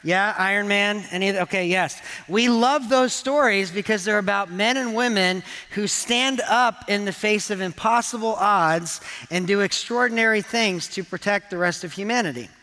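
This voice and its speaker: A man preaches to his congregation in an earnest, conversational way with touches of humor. His voice sits a little high and sounds bright and forceful. A long reverb from the church hall trails behind every phrase. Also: normal speed. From England. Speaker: pastor. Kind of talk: sermon. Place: church auditorium.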